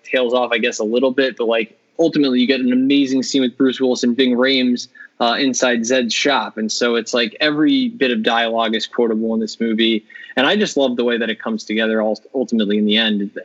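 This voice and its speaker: A man co-hosting a podcast, talking about movies with enthusiasm and rambling through fillers and restarts. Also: medium pitch. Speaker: podcast co-host. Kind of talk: casual movie discussion. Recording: dull lo-fi sound.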